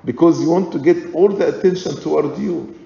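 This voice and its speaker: A man preaching a sermon in a slow, deliberate, emphatic way, repeating his points. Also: a little high, gravelly, dark tone. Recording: echoey hall, dull lo-fi sound.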